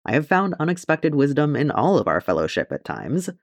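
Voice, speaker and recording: Guy doing a calm thoughtful ranger king, lively lilt, dry sound. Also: on the high side, a little fast, creaky, no room sound, pitched above the performer's own voice, full character voice. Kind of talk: audiobook character reading.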